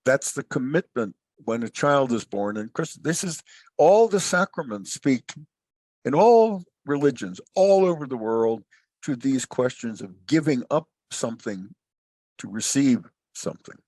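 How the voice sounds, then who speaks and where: A man's voice: medium pitch, expressive, a little slow, a little mellow, dry recording. An older man, a guest advisor, speaking in an expansive, philosophical, storytelling way in an interview. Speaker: guest, family wealth advisor. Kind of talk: reflective interview talk.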